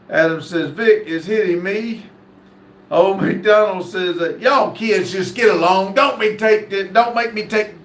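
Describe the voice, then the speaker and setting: Man, livestream host, high voice, folksy chat reading, echoey room. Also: a bit bright, slight background noise. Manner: folksy, easygoing, many "uh" fillers. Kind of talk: reading live chat aloud. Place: indoor room.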